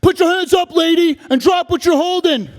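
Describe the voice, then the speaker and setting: A man's voice: very high-pitched, moderate pace, long reverb tail, pitched above the performer's own voice. A male stage performer playing police officers who bark commands during a raid. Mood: barking orders. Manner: barked commands.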